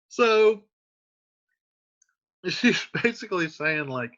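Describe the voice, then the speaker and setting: Male teacher, bright lively delivery, reads old verse then retells it in slang; dull lo-fi audio. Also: on the high side, moderate pace. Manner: switches between old verse and casual modern slang. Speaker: teacher explaining a play. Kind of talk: reading lines aloud and paraphrasing them. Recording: dull lo-fi sound.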